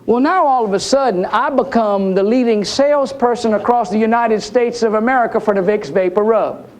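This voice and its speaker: A man's voice: high voice, brisk. A man giving a conference talk, telling jokey stories and talking straight to the audience. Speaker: keynote speaker. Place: conference hall.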